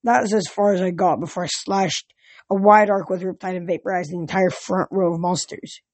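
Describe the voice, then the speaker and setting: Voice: mid-range voice, steady tone, brisk, dry recording. An amateur audiobook reader narrating a first-person adventure story, often stumbling over words and restarting.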